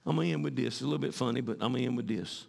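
A male pastor preaching a sermon in church, swinging from fervent shouting to hushed pleading. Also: mid-range voice, very fast, creaky, in a large hall.

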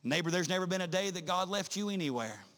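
High bright preacher man, chanting. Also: lively intonation, fast talker. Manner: chanting, rising to shouts, many "uh" breaks. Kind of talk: sermon.

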